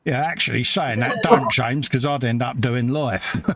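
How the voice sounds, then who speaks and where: Gravelly British man reading live chat. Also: mid-range voice, measured pace, a bit bright. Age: middle-aged. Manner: reads chat comments aloud, bantering. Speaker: livestream host. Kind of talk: casual chat.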